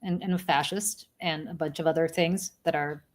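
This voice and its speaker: Opinionated woman with a lowish voice. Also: fairly even intonation, normal speed. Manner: opinionated, hedging with fillers. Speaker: co-host of a live chat show. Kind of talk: casual chat, current affairs.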